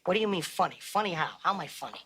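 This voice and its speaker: A man's voice: sits high, expressive, racing. A menacing, touchy gangster, played by a man, presses his questions in a slightly raised voice. The sound is a faint, muffled film clip played back on a podcast.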